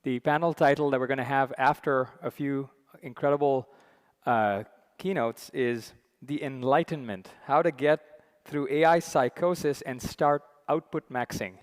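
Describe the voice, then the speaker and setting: A man introducing himself as session chair on a conference stage, relaxed and chatty with many fillers. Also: mid-range voice, a little slow. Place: large conference hall. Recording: long hall reverb.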